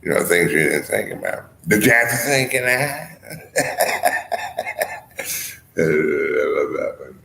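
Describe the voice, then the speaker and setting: A man's voice: low voice, big pitch swings, takes it slowly, gravelly, long pauses, sharp tone. A man talking in a rambling monologue, drifting between topics, filling his speech with "you know" and "I mean" and chuckling often. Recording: echoey room with faint ambient noise.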